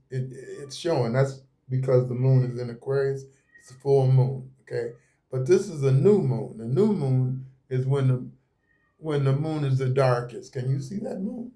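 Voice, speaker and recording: Here a tarot reader talks in a mellow, mid-range male voice, cards arranged on the table before him indoors. It's a loose, rambling session full of folksy phrasing and frequent repetition.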